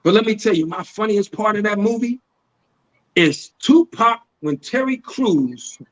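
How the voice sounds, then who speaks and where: A man, a guest actor, telling stories in a casual podcast chat, animated and laughing as he goes. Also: high-pitched, measured pace, rough recording.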